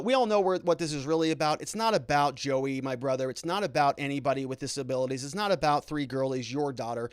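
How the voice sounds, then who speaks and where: A man's voice: fairly high pitch, clean tone, no room sound, clean studio sound. A man hosting a live commentary show, reading viewer comments aloud and reacting with indignant, sarcastic asides. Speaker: lawyer and show host.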